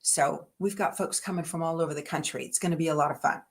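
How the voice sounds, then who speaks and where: A woman's voice: steady tone, fast, breathy edge. A middle-aged woman, chatting casually as host of a livestream and talking to viewers in a homey, rambling way. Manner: chatty and homey, talks to her dogs in a high baby voice.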